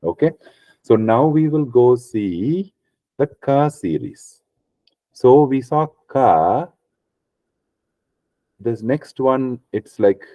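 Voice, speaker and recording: A man's voice: on the low side, no echo, dull audio. A man teaching a class on Sanskrit pronunciation, patiently repeating each sound and checking in with "okay" after almost every step.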